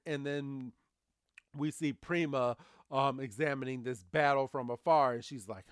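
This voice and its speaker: A man's voice: mid-range voice, steady tone, measured pace, fairly bright tone, smooth, no room sound, studio quality. A man co-hosting a podcast, recapping cartoon episodes in casual chat and acting out the characters' lines with plenty of animation. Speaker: podcast co-host.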